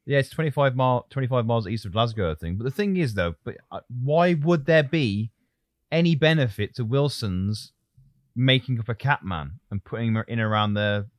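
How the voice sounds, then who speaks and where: A man's voice: mid-range voice, lively intonation, moderate pace, no room sound. A man from the English Midlands hosting a podcast, telling a story in a joking, rambling way. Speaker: podcast host. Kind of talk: casual podcast chat.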